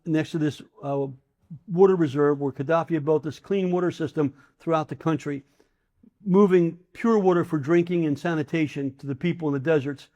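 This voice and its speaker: A man's voice: fairly high pitch, a little mellow, lo-fi sound. An older man, a former congressman, telling stories in an interview in an emphatic, indignant way.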